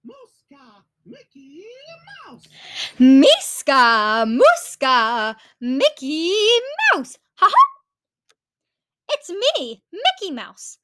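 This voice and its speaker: A woman putting on the high, giggling voice of a cheeky male cartoon mouse. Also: wildly swooping pitch, extremely slow, long pauses, pushed and bright, no echo, studio quality, heavily acted. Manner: giggling falsetto, crude jokes.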